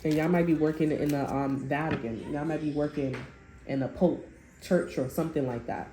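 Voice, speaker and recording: A woman's voice: low-pitched, normal speed, warm tone, slight background noise. A woman giving a casual tarot reading, talking bluntly and swearing, acting out what others say in a raised voice. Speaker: tarot reader. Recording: roomy sound with faint music.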